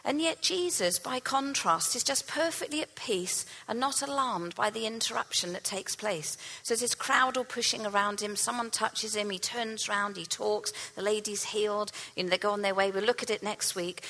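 A woman preaches a sermon, retelling a Bible story with earnest storytelling and dropping to a soft hush on key lines. Her voice is a little high, and the recording quality is low.

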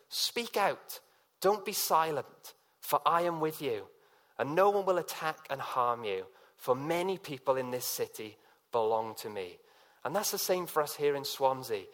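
A man's voice: on the high side, fairly bright tone. A man preaching a sermon in a conversational way, telling personal stories and acting out quotes with many fillers.

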